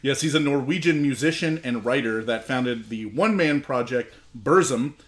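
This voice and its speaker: A man's voice: medium pitch, moderate pace. A man co-hosting a podcast, correcting his friends and explaining the show in plain terms. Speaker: podcast co-host. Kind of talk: casual chat.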